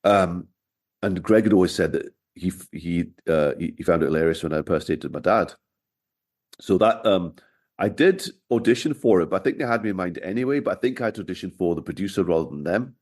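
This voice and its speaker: A man's voice: deep voice, animated, brisk, a little mellow. A middle-aged man, a podcast guest telling wry anecdotes in casual interview chat. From Scotland, raised in Glasgow.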